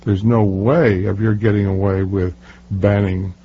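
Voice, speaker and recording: A man's voice: lowish voice, flat delivery, measured pace, slight background noise. An older man, an author being interviewed, telling stories emphatically with many fillers and restarts. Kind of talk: casual interview talk. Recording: muffled lo-fi recording.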